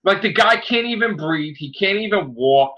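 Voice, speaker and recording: A man's voice: high-pitched, expressive, moderate pace, sharp tone. A man hosting a casual podcast chat, ranting and swearing freely. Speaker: podcast host. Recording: dull lo-fi audio.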